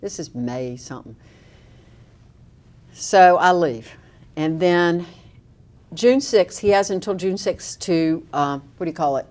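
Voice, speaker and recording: A middle-aged woman with a drawl and a somewhat low-set voice tells a story in an interview. She recounts it with animation and dry humor. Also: slow, pauses often, darkish tone.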